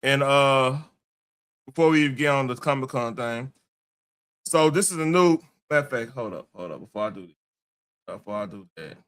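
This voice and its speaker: Bright-voiced man, rambling casual chat. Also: mid-range voice, expressive, moderate pace, long pauses, clean tone. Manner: rambling, loose restarts, slangy. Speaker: podcast host.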